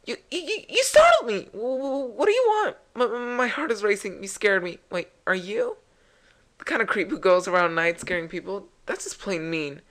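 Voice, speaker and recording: A woman's voice: mid-range voice, moderate pace, a bit bright, close to an everyday voice. A woman voicing a startled, indignant young rich girl from a video game, stammering and scolding.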